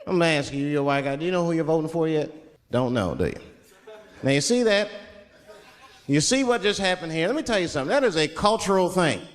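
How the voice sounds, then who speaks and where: A male stand-up comedian tells his stories in a loose, slangy, conversational way, with a lively, bouncing pitch that sits a little high. His voice carries a long reverb from a large performance hall. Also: fast talker.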